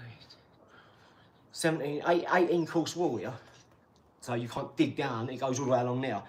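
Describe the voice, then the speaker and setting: A man's voice: mid-range voice, fairly bright tone, a little hiss or hum. A middle-aged British man hosting a casual boxing livestream, rambling bluntly, swearing freely and talking to his viewers. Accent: British English.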